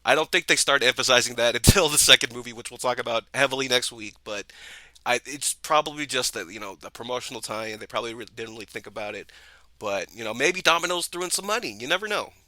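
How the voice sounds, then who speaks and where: Man, podcast co-host, bright forceful tone, dry close sound, excited rambling review chat. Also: medium pitch, fast talker, dry recording, rough recording. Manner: enthusiastic, rambling with many restarts. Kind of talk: casual movie review chat.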